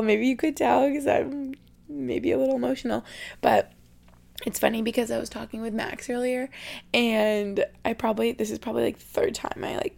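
Chatty young woman with a gravelly edge. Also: fairly high pitch, darkish tone. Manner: chatty, emotional, fillers of "like". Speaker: podcast host. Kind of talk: casual solo podcast chat.

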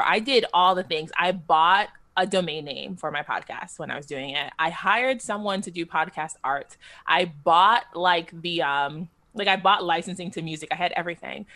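A woman guest on a casual podcast interview, telling stories in a lively, self-mocking way and laughing mid-sentence. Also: fairly low pitch.

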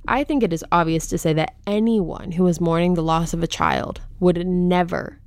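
A woman's voice: on the low side, fairly even intonation, normal speed, clear, resonant tone, no echo. A woman hosting a true crime podcast who speaks outspokenly and with indignation, openly stating her own opinion, close to the microphone. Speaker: podcast host.

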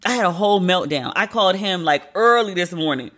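Bright-voiced podcast host ranting. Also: mid-range voice, brisk. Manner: animated, profane, venting rant. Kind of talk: casual solo podcast monologue.

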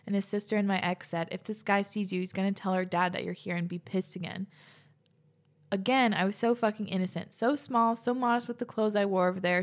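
A young woman host reading listeners' stories aloud and reacting between them, chatty and laughing often, swearing casually. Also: mid-range voice.

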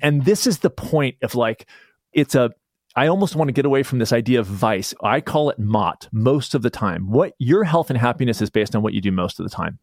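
A man talking as a guest author in a casual podcast conversation, telling stories with lively restarts. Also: medium pitch, brisk, no echo, clean studio sound. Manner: animated storyteller, rambling restarts.

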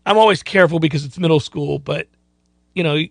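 A man's voice: a little high, brisk, gravelly, no room sound. A man hosting a sports talk radio show, chatting casually and acting out other people's lines.

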